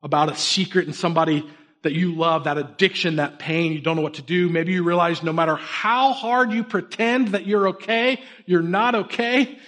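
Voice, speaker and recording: A man in his thirties preaching a sermon, an energetic storyteller who shifts between hushed, earnest moments and sudden emphatic bursts. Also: sits high, normal speed. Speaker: pastor.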